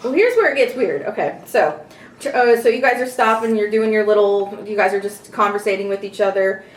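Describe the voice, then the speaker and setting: A woman's voice: medium pitch, expressive, fairly quick. A woman narrating as game master in a casual, rambling way with many fillers. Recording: echoey room, distant mic, soft music.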